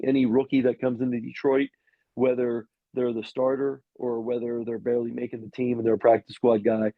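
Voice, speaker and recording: A man's voice: mid-range voice, no room sound, phone-quality sound. A middle-aged man, a former pro quarterback, telling rambling anecdotes in a casual interview with many restarts and fillers.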